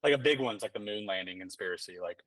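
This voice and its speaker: A man's voice: lowish voice, quick pace, fairly bright tone, no echo. A man talking as a podcast guest in casual chat, rambling and filling his talk with "like" and restarts. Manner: rambling, filler-heavy, many restarts and "like"s. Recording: dry sound, somewhat distant mic.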